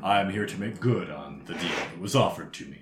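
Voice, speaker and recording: A man voicing a courteous, genteel male devil on an expedition, speaking in slow, formal sentences. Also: sits low, lively intonation, a bit bright, roomy sound, pitched below the performer's own voice. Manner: polite, drawn-out formal speech.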